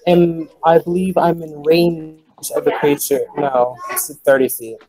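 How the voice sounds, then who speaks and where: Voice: medium pitch, little pitch movement, measured pace, a little mellow, a little hiss or hum, poor audio. A player in a casual tabletop game, thinking aloud and counting dice with fillers.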